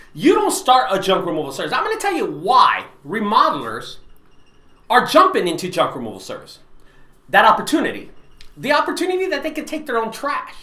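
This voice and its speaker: Animated man with a bright, roomy voice. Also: very high-pitched. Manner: animated, repeats points for emphasis, many fillers and restarts. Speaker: junk removal business owner and channel host. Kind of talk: casual monologue to camera. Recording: roomy echoey room.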